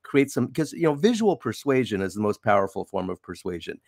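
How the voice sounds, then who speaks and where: A man appearing as a guest analyst in a casual chat, speaking emphatically and with lively stress. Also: on the low side, a little fast, dry recording, clean studio sound.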